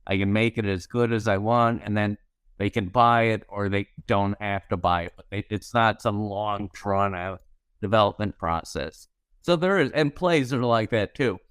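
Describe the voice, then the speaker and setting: Man telling wry anecdotes, smooth dry voice. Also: on the low side, moderate pace, fairly bright tone, no echo. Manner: wry anecdotes, acts out quoted lines. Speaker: guest comedy writer. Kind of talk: storytelling interview chat.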